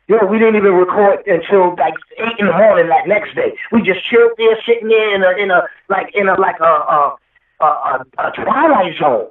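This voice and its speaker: Speaking a little fast, this high-voiced man is a guest rapper spinning a lengthy interview story that's emotional, meandering and full of swearing. His sound comes through thin and phone-like, with echo and some distance from the microphone.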